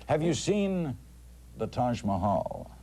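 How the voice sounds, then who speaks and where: A man's voice: mid-range voice, sing-song, takes it slowly, dark tone. A man hosting a call-in talk show, asking plain questions, taking callers and reading out dates. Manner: plain questioning, takes calls, reads plugs. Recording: old tape, faint hiss.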